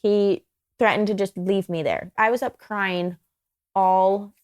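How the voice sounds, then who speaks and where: A young woman guest on a podcast, telling a personal story casually in an animated, rambling way, full of asides. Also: medium pitch, takes it slowly, clean tone.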